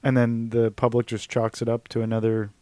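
A man co-hosting a casual, joking chat, rambling and trailing off softly. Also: medium pitch, monotone, brisk, no room sound.

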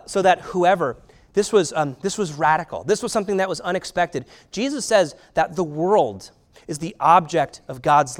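A man preaching a sermon in a conversational way, with filler words and rhetorical questions. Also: fairly high pitch. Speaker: pastor.

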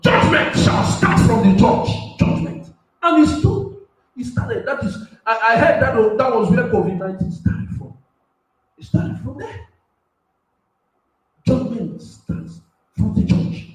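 A man preaching a sermon on a radio platform, swinging between loud shouting and soft asides and laughing often. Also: very high voice, animated, measured pace, long pauses, heavy reverb, far from the mic, faint music behind, rough recording.

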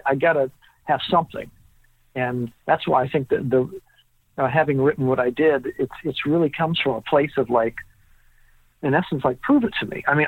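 Male guest storyteller, animated, plays out the dialogue; tinny, dry phone-line audio. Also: a little high, husky, no echo. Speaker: guest author. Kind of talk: storytelling in a podcast interview.

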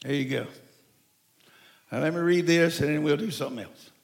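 Man, 70s, from Mexico. Preacher giving a sermon. Raised, gravelly delivery with folksy stories and sudden shouting. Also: fairly high pitch, normal speed. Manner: folksy, animated storytelling with bursts of shouting.

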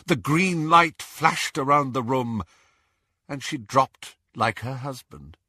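A man narrating an audiobook with slow, dramatic delivery. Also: mid-range voice, sharp tone, dry recording, studio quality.

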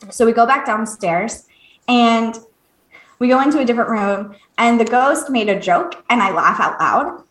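A woman with a somewhat high voice tells a story casually on a podcast. She is animated, laughs a lot, swears freely and acts out the voices of the people in her story. The room gives her voice a noticeable echo. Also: unhurried. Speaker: podcast co-host and medium. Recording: echoey room.

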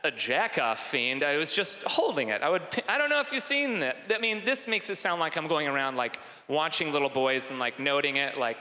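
A young man doing stand-up comedy on a theater stage, rambling and animated, switching into voices. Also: on the high side, brisk, few pauses, a little hiss or hum. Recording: echoey theater hall.

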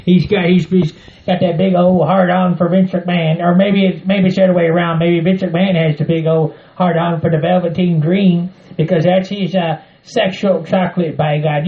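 Gravelly-voiced crude rambling man. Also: sits high, roomy sound, phone-quality sound. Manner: crude, rambling, folksy rants. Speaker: podcast co-host. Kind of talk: casual wrestling chat.

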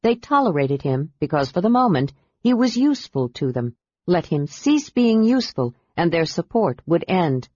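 A reader narrating a fantasy novel in a steady, even storytelling voice. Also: medium pitch, moderate pace, husky, no room sound. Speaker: audiobook narrator. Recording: dull, dry audiobook sound.

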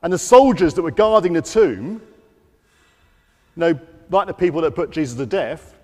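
A man with a fairly high voice gives an all-age talk in a church, speaking through a microphone. He tells the story to children in a lively way and acts out the quotes. His voice rings out with a long echo off the hall. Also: moderate pace. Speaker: preacher. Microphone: wearing a microphone.

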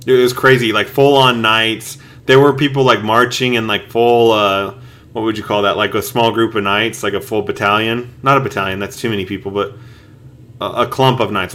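A man's voice: lowish voice, a bit bright. A man co-hosting a podcast, chatting casually and rambling, searching for words with lots of fillers. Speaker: podcast co-host. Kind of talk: casual chat.

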